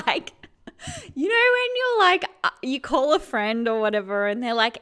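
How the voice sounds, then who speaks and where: Bright-voiced chatty woman, swearing freely. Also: on the high side, lively intonation, moderate pace, clean tone. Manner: chatty, swears freely, laughs often, dramatizes feelings; keeps checking in with "right?". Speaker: vlogger giving self-help advice. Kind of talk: casual direct-to-camera chat.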